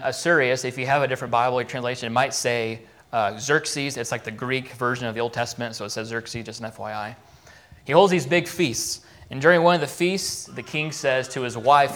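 Retelling a Bible story in a relaxed way, a pastor recaps it in his church sermon and performs the quoted lines aloud. His medium-pitched voice has a fairly bright tone.

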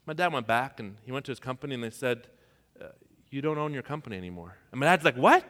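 A man from Iran, a pastor, preaching a sermon and telling personal stories, his voice dropping to a hush and rising to near shouts. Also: medium pitch, lively intonation, quick pace. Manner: storytelling, swings from hushed to shouting. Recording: long hall reverb.

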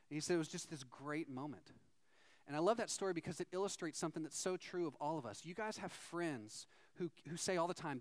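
High-voiced male pastor preaching. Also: a little fast. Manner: conversational, animated storytelling. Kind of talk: sermon.

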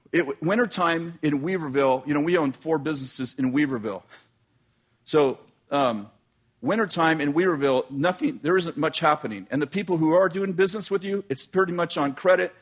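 Brief: middle-aged male pastor, raspy and a bit high, telling a story from the pulpit with chatty restarts. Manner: conversational, repeats and restarts phrases. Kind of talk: storytelling sermon.

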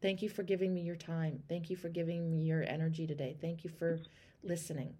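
A woman in her thirties coaching a caller on her show. She is encouraging and animated, and she acts out sample phrases. Her voice sits a little low. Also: brisk. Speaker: host and life coach. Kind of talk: call-in coaching chat.

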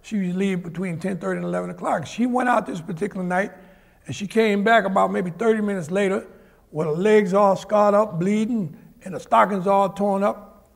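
This older guest speaker, once an Olympic sprinter and originally from Harlem, New York, talks a little fast in a high, gravelly voice. He brings his stories to life on a large auditorium stage during a live event, playing the people he describes.

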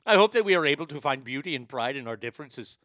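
A man's voice: on the high side, lively intonation, a bit bright, no echo, voice pushed down. A man putting on an Indian accent that slips toward Irish, voicing an earnest person reading a plea for acceptance. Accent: put-on Indian accent slipping toward Irish. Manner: earnest, solemn, measured.

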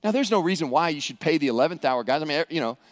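A man's voice: a little high, lively intonation, rapid-fire, in a large hall. A man preaching a sermon, acting out scenes with humor. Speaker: pastor.

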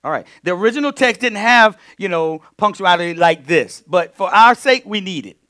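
Male pastor, high and bright, animated teaching sermon with emphatic swells. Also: moderate pace. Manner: animated preaching, swings from quiet asides to loud emphatic bursts.

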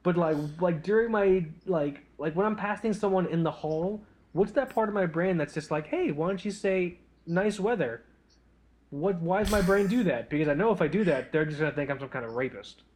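A man's voice: on the high side, brisk, few pauses, a little mellow. A man co-hosting a casual podcast chat, telling a rambling, profane, self-deprecating story. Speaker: podcast co-host.

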